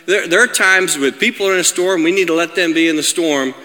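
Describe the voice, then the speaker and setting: Energetic preacher in an echoey hall. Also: male voice, fairly high pitch, a little fast. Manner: builds from calm reading to loud emphatic preaching, asks "right?" often. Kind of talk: sermon.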